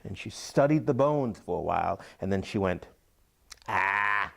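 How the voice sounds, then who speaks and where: Brief: male storyteller, lively melodic telling, husky texture, unhurried with whispered asides. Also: on the low side. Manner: drawn-out, repetitive, dips into whispers. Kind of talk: oral folk-tale telling.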